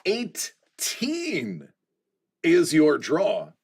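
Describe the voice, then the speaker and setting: A man hosting a collectibles live stream in casual chat, exclamatory and quick to laugh. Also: a little high, slightly rough. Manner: animated and exclamatory, laughs often.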